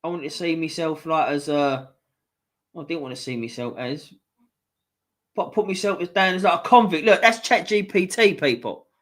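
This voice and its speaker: A man hosts a casual live stream, reading viewer comments aloud and swearing freely while he chats. His voice is a little high and a bit bright, at a normal speed.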